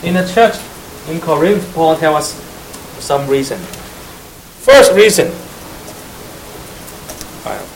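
A man with a somewhat high voice and delivers a sermon to a young congregation. He quizzes his listeners, repeats his key phrases and slips in teasing asides. A faint hiss sits under his voice. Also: big pitch swings, takes it slowly, pauses often, rough recording. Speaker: preacher. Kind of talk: sermon to young church members.

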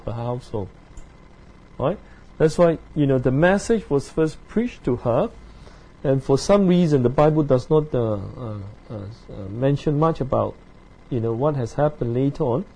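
A man teaching through a Bible passage verse by verse. He talks haltingly, with many fillers, and keeps checking in with his listeners through tag questions. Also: mid-range voice, lively intonation, mellow, husky, poor audio. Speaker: preacher.

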